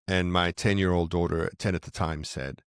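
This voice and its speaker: Podcast guest: middle-aged man, very low voice, earnest and reflective, dry close sound. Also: fairly even intonation, normal speed, clear, resonant tone, dry recording. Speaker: podcast guest, parenting author. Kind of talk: conversational interview, explaining.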